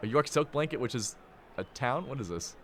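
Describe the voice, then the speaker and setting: A man hosting a live sports stream, signing off with excitable, hype-filled chatter and big swings in pitch. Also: a little fast, a little hiss or hum. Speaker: play-by-play host.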